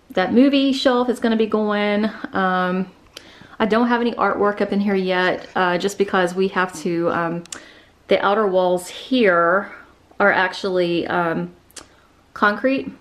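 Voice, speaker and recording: Chatty woman touring her new house. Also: medium pitch. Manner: chatty, rambling, many fillers and restarts. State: out of breath. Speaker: vlogger giving a house tour. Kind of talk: casual house tour narration. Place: indoors, a house.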